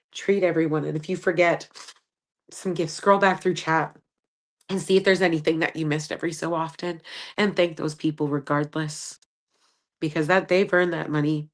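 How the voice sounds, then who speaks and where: A woman's voice: deep voice, fairly even intonation, normal speed. A woman in her thirties hosting a podcast, giving candid, chatty advice with lots of fillers. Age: 30s. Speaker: podcast host. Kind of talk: casual solo podcast monologue.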